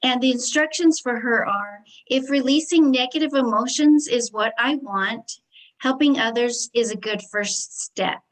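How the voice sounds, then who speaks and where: An earnest woman, a healer, walks her interviewer through a daily affirmation routine in a steady, instructive manner. Her voice sits slightly high. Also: unhurried, poor audio. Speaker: healer and hypnotist vendor. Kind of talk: explaining affirmation practice in an interview.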